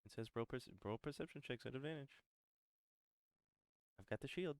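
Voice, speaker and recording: A man bantering as a player in a tabletop game. His voice is at an ordinary middle pitch. He jokes loosely with the group. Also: moderate pace, slight background noise. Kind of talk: casual table talk.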